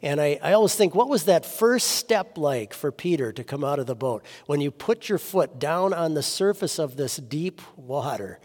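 A man's voice: a little high, lively intonation, a little mellow. Man preaching with a long reverb. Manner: reads scripture steadily, then reflects in loose, halting speech. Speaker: pastor. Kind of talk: sermon.

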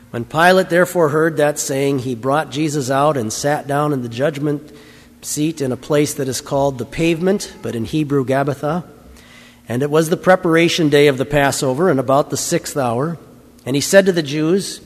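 A man reads scripture in a measured, formal way, his voice on the higher side. The church gives it a long reverb. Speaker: scripture reader. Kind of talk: liturgical scripture reading.

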